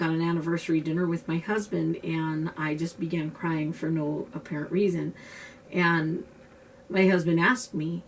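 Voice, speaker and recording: A woman's voice: fairly low pitch, recorded from a distance, a little hiss or hum. A woman explaining being an empath in an earnest, conversational way, with loose restarts, as she talks to camera. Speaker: self-described empath teaching a technique. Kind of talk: casual explanatory talk to camera.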